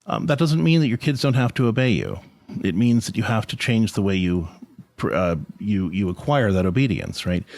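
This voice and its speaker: A man's voice: mid-range voice, dry recording. A middle-aged man hosting a podcast, giving an earnest, conversational reflection on faith and parenting. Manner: earnest, conversational, repeats words when restarting. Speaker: podcast host, Catholic family counselor.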